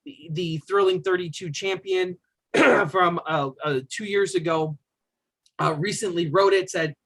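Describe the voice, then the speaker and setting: An enthusiastic man co-hosts a casual podcast, and his voice has a bright, forward edge. He talks in an opinionated, easygoing way, with frequent fillers and loose restarts. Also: high-pitched, steady tone, measured pace. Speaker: podcast co-host. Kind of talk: casual chat about roller coasters.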